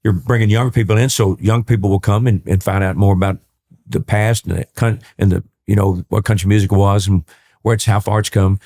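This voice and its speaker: Folksy Texan man telling stories, low voice. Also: fairly even intonation, a little fast, a little mellow. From East Texas. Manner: folksy, repeats words and restarts while telling stories. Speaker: guest, country singer. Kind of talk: storytelling in a podcast interview.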